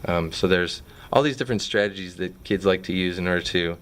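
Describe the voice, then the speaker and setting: A man with a low voice explains how things work in his fifth grade classroom. He talks easily and conversationally, scattering little fillers as he goes. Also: a little fast. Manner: relaxed, chatty, frequent fillers.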